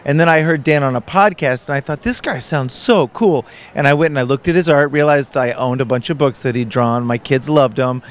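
Smooth-voiced man telling a story. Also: medium pitch, fairly quick, few pauses. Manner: relaxed, self-deprecating, storytelling. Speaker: author and musician guest. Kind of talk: casual interview chat. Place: conference booth, indoors.

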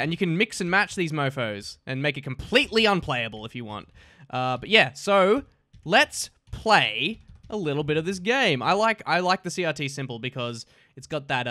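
A man's voice: mid-range voice, expressive, normal speed, sharp tone, no room sound, studio quality. A man giving casual, crude and jokey gameplay commentary as host of his gaming videos.

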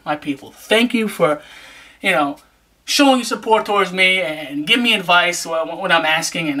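Hyped, bright-voiced man giving shout-outs. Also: sits high. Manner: hyped, joking, streetwise patter; repeats "you know what I'm saying". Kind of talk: casual vlog shout-outs.

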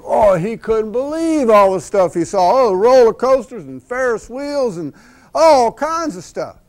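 A man telling a folksy tall tale, laughing along and acting out sound effects. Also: fairly high pitch. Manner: animated, laughs at his own story, acts out sound effects. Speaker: storyteller.

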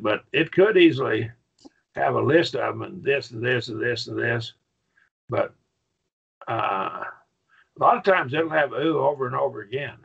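A man teaching a Bible Greek grammar class in a folksy way, often asking "okay?" and slowing down to stress his points. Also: medium pitch, creaky, a bit bright, slightly rough, muffled recording. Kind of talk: classroom lecture.

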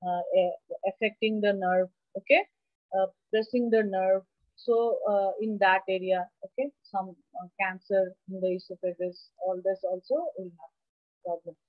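A woman's voice: mid-range voice, dry recording, highs cut off. A woman teaching an anatomy class over a video call, explaining step by step and often checking with her students. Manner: explanatory, asks the class questions. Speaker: anatomy lecturer. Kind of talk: online class lecture. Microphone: computer mic on a video call.

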